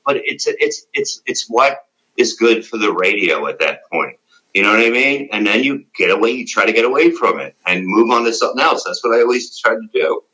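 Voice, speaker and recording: Deep-voiced, profane New comedian. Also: male voice, expressive, fairly quick, pushed and bright, poor audio. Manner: blunt, profane, rambling with many "you know"s. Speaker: comedian guest. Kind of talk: casual interview storytelling.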